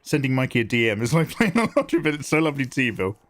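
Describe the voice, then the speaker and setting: A man's voice: mid-range voice, sing-song, very fast, a bit bright. A man chatting casually with viewers on a live art stream while drawing, playfully snarky and greeting people by name. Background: faint synth music.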